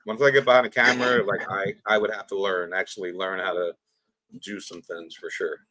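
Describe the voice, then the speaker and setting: A man's voice: deep voice, level tone, brisk, bright, forceful tone, dry recording. A man hosting a casual livestream, friendly and easygoing, taking questions from viewers. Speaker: livestream host.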